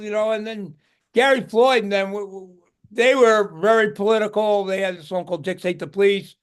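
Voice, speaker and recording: A man's voice: high-pitched, steady tone, normal speed, clean tone. An older man, a guest musician, tells stories in a casual interview, rambling and restarting his words.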